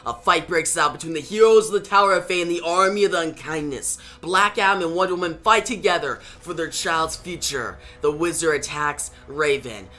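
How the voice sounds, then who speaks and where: A man narrating and reviewing a comic book story with energetic enthusiasm. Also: fairly high pitch.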